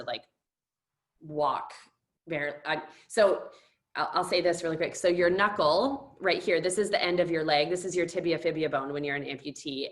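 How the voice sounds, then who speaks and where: Earnest woman guest, deep voice, explains as she goes. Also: fairly bright tone. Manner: earnest and explanatory, restarts often. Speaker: guest, marathon runner and dancer. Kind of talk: candid conversational storytelling.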